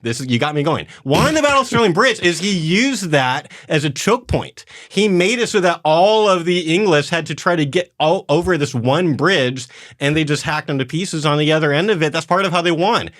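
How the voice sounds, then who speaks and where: A man hosting a church podcast, explaining things in animated, rambling casual chat. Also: fairly high pitch, moderate pace, no room sound, studio quality.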